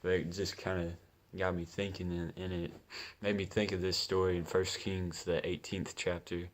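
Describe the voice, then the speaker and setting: Low, flat-voiced man reading scripture casually. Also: moderate pace. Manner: laid-back, chatty, peppered with "man" and laughs. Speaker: scripture teacher. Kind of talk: casual Bible commentary.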